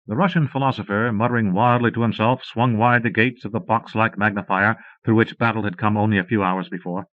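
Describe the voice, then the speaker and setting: A man's voice: fairly low pitch, fairly even intonation, brisk, hardly any pauses, dry recording. Man narrating on a dull cassette. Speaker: audiobook narrator. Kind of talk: scripted audiobook narration.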